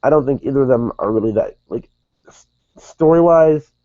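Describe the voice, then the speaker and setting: A man's voice: medium pitch, lively intonation, normal speed, dark tone, no room sound, muffled recording. A man giving a casual, rambling recap of a wrestling show as its regular reviewer, often correcting himself and saying "dude" and "like". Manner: rambling, self-correcting, says "dude" and "like" a lot.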